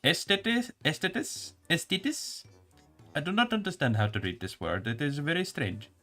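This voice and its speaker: 남자가 흉내 내는 인도 억양의 높은 목소리 강사. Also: male voice, on the high side, animated, pushed and bright, faint music behind, voice pushed up. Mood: mock-earnest. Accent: Indian (put on). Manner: halting, stiff formal phrasing. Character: mock male lecturer with a put-on Indian accent.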